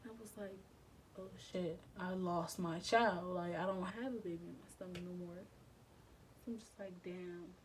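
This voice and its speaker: A woman's voice: fairly low pitch, fairly even intonation, moderate pace, a little hiss or hum, poor audio. A young adult woman telling a personal story in a casual storytime vlog. She speaks candidly and emotionally, with slang, swearing and repeated phrases. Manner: subdued and emotional. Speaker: vlogger.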